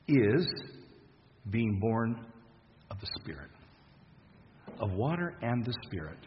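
Man preacher, conversational sermon, halting delivery, long church reverb, slightly muffled recording. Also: fairly high pitch, animated. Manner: conversational, halting with restarts and soft laughs.

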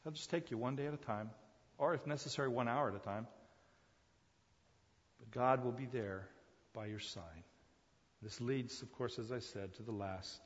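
A male pastor preaching a sermon dynamically, swinging between loud emphatic calls and hushed asides, repeating phrases for emphasis and addressing listeners as folks. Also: mid-range voice, moderate pace, long pauses. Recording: muffled recording in a long-echo hall.

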